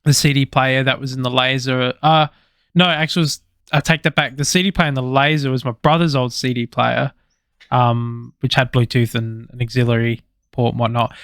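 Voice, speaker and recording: A man co-hosting a podcast, chatting loosely with lots of fillers and the odd swear word. His voice is smooth and clear, recorded dry and close. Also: medium pitch, fairly quick, no echo. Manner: relaxed, swears freely, rambling with fillers. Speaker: podcast co-host. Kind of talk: casual chat.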